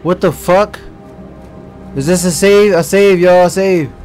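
A man's voice: sits high, a little slow, darkish tone, soft background music. A young man commenting live as he plays a horror game, jumpy, swearing often and talking straight to his viewers. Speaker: gaming streamer.

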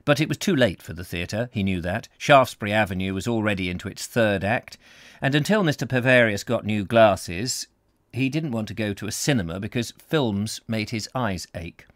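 A man's voice: lowish voice, expressive, normal speed, no room sound. Man reading a novel live, dry close sound. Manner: chatty, self-deprecating asides. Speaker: host and reader. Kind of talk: live audiobook reading with chat.

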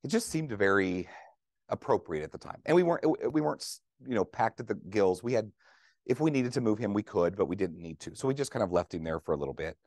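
A man's voice: fairly low pitch, lively intonation, fast talker, a little mellow, no echo, studio quality. A man who is a veteran trauma nurse giving a conference lecture to clinicians, conversational and joking, often asking the room questions. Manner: conversational, jokey, asks audience questions.

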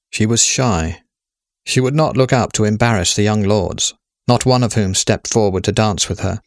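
A man narrating a story in a measured, steady way. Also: lowish voice, no room sound, clean studio sound.

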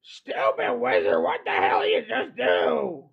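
Yelling goblin brute, gravelly and squeaky high, slow and all over the place, kinda muffled recording. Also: male voice, wildly swooping pitch, heavily acted. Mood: angry. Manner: yelling threats. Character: shouting brutish male goblin captor.

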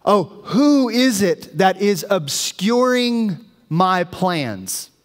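A man voicing God speaking from a storm, slow and emphatic with mocking questions. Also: high-pitched, very animated, full character voice. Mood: thundering. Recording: long reverb of a church hall.

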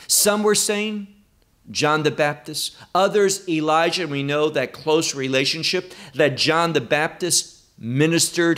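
A man teaching verse by verse through a Bible passage, emphatic and deliberate, with wide swings in pitch. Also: fairly bright tone.

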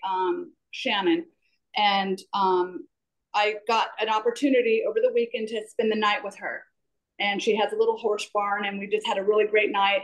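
A woman's voice: mid-range voice, poor audio. A woman on a video call, eagerly sharing a personal testimony with an apologetic, rambling manner. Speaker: class participant.

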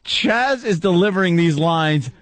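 A man's voice: high voice, lively intonation, unhurried, no echo. A man co-hosting a radio show, mocking and laughing as he ribs a guest. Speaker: radio co-host. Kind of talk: teasing radio banter.

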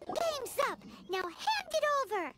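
A woman voicing an excitable little girl explorer in a video game, chirpy and exclaiming. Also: very high voice, unhurried, over a noisy crowd, full character voice. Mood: defiant. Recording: loud game music behind. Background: game music.

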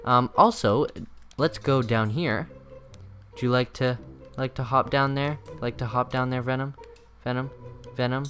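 Teen boy, gaming host, mid-pitched, rambling and excitable, faint game music behind. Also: unhurried, long pauses. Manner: rambling, lots of fillers, excitable. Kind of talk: casual gameplay commentary.

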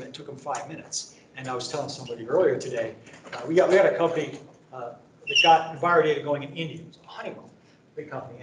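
A middle-aged man giving a conversational, anecdote-filled training talk with lots of fillers, like a sales pitch. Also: distant mic, background noise. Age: middle-aged or older. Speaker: presenter at a training event. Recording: echoey room, speaker away from mic.

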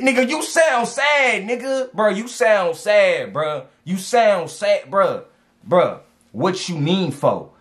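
A man giving casual dating advice as he reacts to text messages, animated and slangy, repeating lines for emphasis. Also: high-pitched, takes it slowly.

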